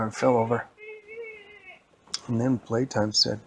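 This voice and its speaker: A man's voice: mid-range voice, steady tone, a little fast, a little hiss or hum. A man casually telling a made-up story, rambling and repeating himself as he goes. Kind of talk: improvised bedtime-style storytelling.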